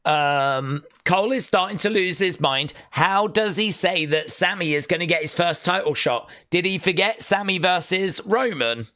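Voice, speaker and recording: A man hosting a live watch-along stream, reacting excitably to the action and reading out viewer chat messages. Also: high-pitched, moderate pace, few pauses. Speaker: livestream host.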